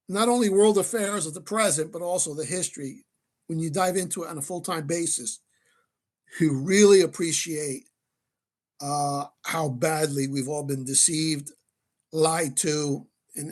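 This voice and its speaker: A man in his late fifties from New Jersey, a guest answering interview questions at length in an emphatic way, often repeating words as he restarts. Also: on the high side. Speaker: guest, researcher and author.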